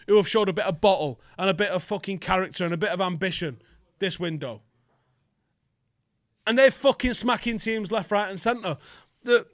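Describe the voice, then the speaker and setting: A man's voice: high voice, fairly bright tone, no room sound, clean studio sound. A young man hosting a football fan vlog, ranting in an angry, sweary, emphatic way. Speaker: football fan channel host.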